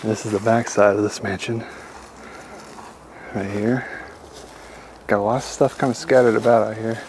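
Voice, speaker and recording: A man leads viewers through his urban exploration, eager and talkative. His low voice has a gravelly fry. Faint outdoor noise sits behind him. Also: steady tone, moderate pace, darkish tone. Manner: enthusiastic, guiding the viewer. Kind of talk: vlog narration. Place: outdoors at an old house.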